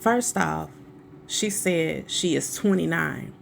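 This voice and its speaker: A woman's voice: deep voice, lively intonation, slow, creaky, a little hiss or hum. A woman hosting a commentary video, sassy and slangy, addressing her viewers as "y'all.". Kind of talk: casual reaction commentary.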